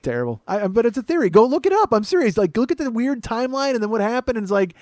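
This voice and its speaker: A middle-aged man hosting a comedy podcast, rambling through a solo monologue with self-mocking asides and sudden bursts of loud mock-outrage. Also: very high-pitched, very animated, very fast, no echo. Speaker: podcast host.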